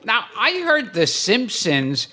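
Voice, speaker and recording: A man hosting a podcast, asking curious, drawn-out questions of his guest. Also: high voice, huge pitch swings, pushed and bright. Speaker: podcast host. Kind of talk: interview questions.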